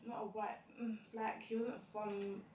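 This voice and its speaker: A woman's voice: medium pitch, level tone, a little slow. A young woman speaks from across the room, and her voice comes through distant and echoey. Her remarks are brief and teasing, with other chatter in the background. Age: young adult. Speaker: friend in the room.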